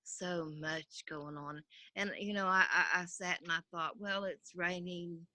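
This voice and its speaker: A woman on a casual group call, speaking hesitantly with halting restarts. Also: lowish voice, fairly even intonation, bright, forceful tone, no echo, rough recording.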